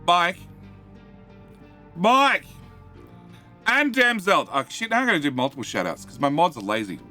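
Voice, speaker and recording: Excitable high-voiced man streaming games. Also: quick pace, soft background music. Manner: excitable, jokey, shouts greetings to viewers; stammers and repeats words. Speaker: game streamer. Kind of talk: live game stream chat.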